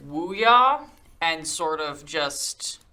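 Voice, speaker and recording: A woman's voice: low voice, animated, extremely slow, sharp tone. A woman playing at a tabletop game, rambling as she thinks aloud about her character's moves. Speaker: player.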